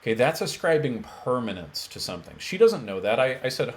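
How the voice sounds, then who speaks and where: A man's voice: mid-range voice, sing-song, a little fast. A man speaking as a mental health coach, talking bluntly and emphatically straight to his viewers. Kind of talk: direct-to-camera coaching talk.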